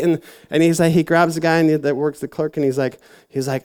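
A man's voice: on the high side, brisk, few pauses, a little mellow, clean tone. A man giving a casual, rambling sermon to a youth group, full of fillers and self-mocking asides. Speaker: youth church speaker.

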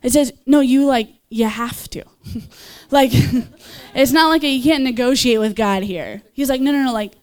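A young woman giving a casual, enthusiastic sermon, chatting with laughs and fillers and jumping up in pitch when she voices others. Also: a little slow, clean tone. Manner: animated, leaps in pitch when voicing others. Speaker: speaker at a church gathering.

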